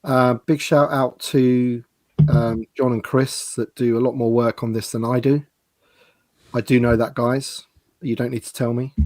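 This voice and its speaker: Male co-host, mid-pitched, dry sound, relaxed and chatty. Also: no room sound. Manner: chatty and jokey, drifts quickly between thoughts. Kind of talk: casual live-stream chat.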